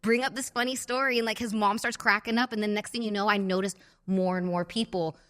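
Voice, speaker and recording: A woman's voice: medium pitch, steady tone, a little fast, fairly bright tone. A woman from California's San Fernando Valley hosting a casual chat, telling stories in a bubbly way with constant "like"s and acted-out voices. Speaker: podcast host.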